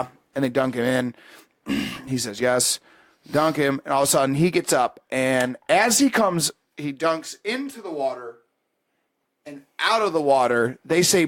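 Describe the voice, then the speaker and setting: A man hosting a podcast, telling a story in casual chat, profane and animated, acting out the people in it. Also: medium pitch, normal speed, dry recording. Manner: profane, animated storyteller who acts out voices. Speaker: podcast host.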